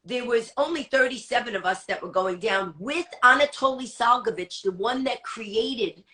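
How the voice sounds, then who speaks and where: A woman comic tells a story in a bright, forceful voice that sits a little high. She talks fast and acts out each line of dialogue. It is lively guest storytelling. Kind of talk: animated anecdote telling.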